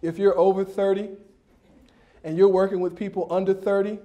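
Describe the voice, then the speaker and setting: A man from Detroit giving a humorous storytelling speech at a banquet dinner, animated, acting out voices and rising to shouts. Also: high voice, moderate pace, lo-fi sound. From Detroit, USA. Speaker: motivational speaker.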